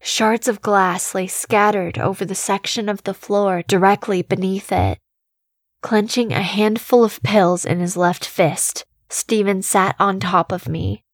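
A woman reading a scripted horror story in the first person, slow and measured, with a quiet tension running through her storytelling. Her voice sits close to the mic in a dry, dead space. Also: mid-range voice, no room sound. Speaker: narrator.

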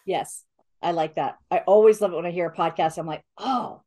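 A woman's voice: fairly low pitch, brisk, mellow. Woman guest author, friendly, agreeable, casual chat. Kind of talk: casual conversation.

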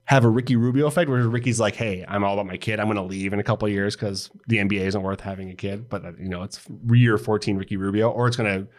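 A man's voice: lowish voice, steady tone, fast talker, few pauses. A man co-hosting a casual basketball podcast, talking in a rambling, easygoing way with many fillers and frequent laughs. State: new father. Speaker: podcast co-host. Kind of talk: casual sports chat.

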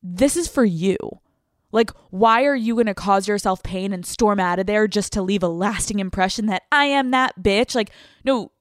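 A woman's voice: medium pitch, normal speed, no room sound. Young female podcast host, mid-range voice, dry studio sound, blunt and profane delivery. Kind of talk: casual advice monologue.

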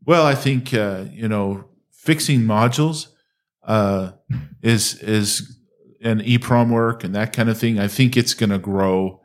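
Man from utah, interview guest, measured, dry humor, low voice. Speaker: guest, diagnostics instructor. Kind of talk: casual interview.

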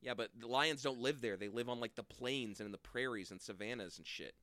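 A man co-hosting a podcast in casual comedic chat, animated, swearing and laughing often. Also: mid-range voice, a little fast, no echo. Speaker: podcast co-host.

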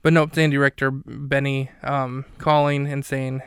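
Male podcast host, mid-pitched, dry self-deprecating recap delivery. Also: little pitch movement, normal speed, hardly any pauses, fairly bright tone, clear, resonant tone, no echo. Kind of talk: comedic recap commentary.

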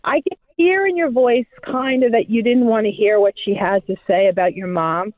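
A woman's voice: a little high, normal speed, no room sound. A woman calling into a talk show, speaking earnestly and with feeling. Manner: earnest, heartfelt. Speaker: caller. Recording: tinny phone line.

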